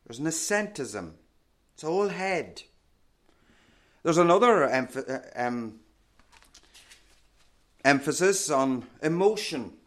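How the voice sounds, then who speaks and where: A man preaching a sermon in a measured, emphatic teaching manner, often asking rhetorical questions. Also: on the high side, big pitch swings, fairly bright tone.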